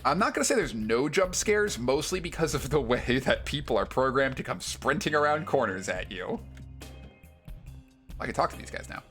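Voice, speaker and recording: A man's voice: mid-range voice, animated, moderate pace, a bit bright, soft background music. A man streaming a video game live, making chatty, wry asides between reading game dialogue aloud. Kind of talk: live gameplay commentary.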